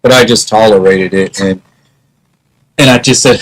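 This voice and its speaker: A man's voice: lowish voice, moderate pace, low-quality recording. A man musing in a casual vlog monologue, wry and half-joking. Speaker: vlogger.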